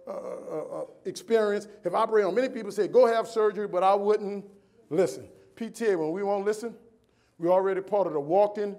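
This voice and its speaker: A man's voice: sits high, darkish tone. A man giving a motivational keynote speech on a conference stage, telling stories, repeating phrases for emphasis and acting out the people in them. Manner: dramatic, acts out the people in his stories. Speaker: motivational speaker. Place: conference stage before a live audience.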